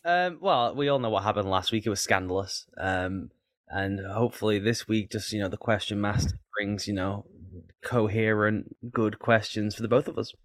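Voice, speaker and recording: A man's voice: on the low side, normal speed, no echo. A man co-hosting a football podcast, talking in a dry, wordy, mock-serious way. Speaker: podcast co-host. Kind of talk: casual podcast banter.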